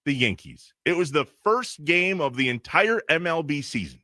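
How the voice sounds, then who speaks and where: A man co-hosting a sports radio show, ranting in quick bursts in a casual talk style. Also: on the high side, sing-song, bright, forceful tone, no echo, studio quality. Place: radio studio. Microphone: studio microphone.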